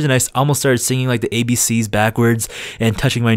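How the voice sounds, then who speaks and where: A young man hosting a video channel, telling a story in a casual, animated way, laughing often and acting out quoted voices. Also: mid-range voice, quick pace, few pauses, clear, resonant tone, dry recording, studio quality. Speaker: gaming channel host.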